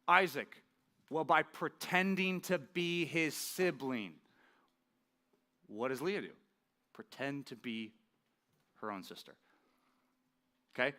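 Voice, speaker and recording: A male pastor preaching a sermon in a conversational, animated way, often checking in with the audience. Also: a little high.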